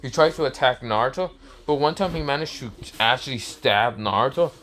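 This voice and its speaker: A man's voice: mid-range voice, brisk, a bit bright. A young man casually telling an improvised fan story, rambling and correcting himself with many fillers.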